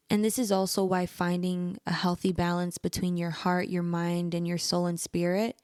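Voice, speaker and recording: A woman's voice: fairly low pitch, darkish tone, no echo, clean studio sound. A young woman hosting a podcast, earnestly giving relationship advice straight to the listener in an encouraging way. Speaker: podcast host. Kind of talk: personal advice monologue.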